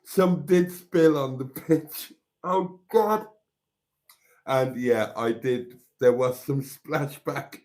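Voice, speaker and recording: A man hosts a casual live stream in a mid-pitched voice. He rambles and mocks himself, and laughs easily between his thoughts. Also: takes it slowly, darkish tone.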